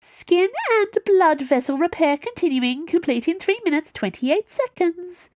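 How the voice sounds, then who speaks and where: A woman's voice: extremely high pitch, expressive, a little slow, darkish tone, no room sound, pitched above the performer's own voice. A woman voicing a babyish talking medical patch device that announces its repairs in a sing-song way. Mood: chirpy.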